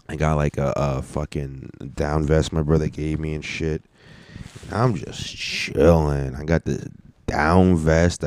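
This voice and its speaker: A man's voice: very deep voice, darkish tone, smooth. A young man hosting a casual solo podcast, rambling in laid-back, profane slang. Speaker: podcast host and stand-up comedian.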